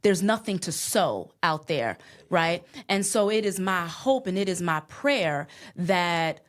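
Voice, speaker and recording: A woman's voice: on the low side, animated, slow. A woman guest on a podcast, talking with emphatic conviction and faith. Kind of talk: casual conversation.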